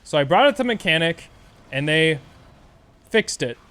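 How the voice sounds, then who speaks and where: High-voiced man ranting. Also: moderate pace, clear, resonant tone. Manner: profane, animated rant. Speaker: streamer. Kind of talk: casual storytelling.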